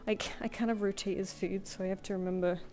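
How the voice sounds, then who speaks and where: A woman's voice: mid-range voice, fairly even intonation, fast, mellow. A British woman chatting casually on a live stream at home, cooing at her cat and giving it commands between comments. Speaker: artist streamer. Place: home room.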